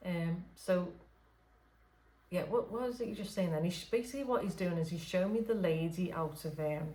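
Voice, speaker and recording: A woman's voice: lowish voice, moderate pace, roomy sound. A woman speaking as a spirit medium in an unscripted late-night session, hesitant, with many fillers and restarts. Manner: talks softly at late night hours. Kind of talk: unscripted channelling session talk.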